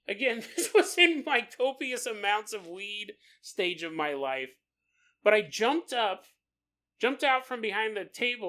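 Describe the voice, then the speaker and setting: A man hosting a podcast livestream, telling stories in a casual, animated way and laughing often as he reads listener comments. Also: high voice. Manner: animated storyteller, laughs often mid-sentence. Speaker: podcast host.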